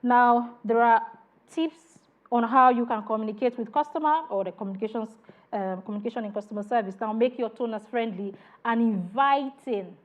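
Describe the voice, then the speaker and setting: A high-voiced woman teaches customer service to a class, animated and often saying "all right" between points. She acts out little exchanges with customers as she goes. The recording sounds dull and lo-fi. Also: a little fast. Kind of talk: classroom lecture.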